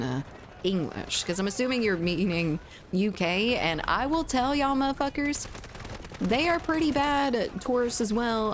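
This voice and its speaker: A woman streamer with a Southern US accent chats casually with her livestream audience while playing a game, laughing often and cursing freely. Her voice is mid-range, with slight background noise.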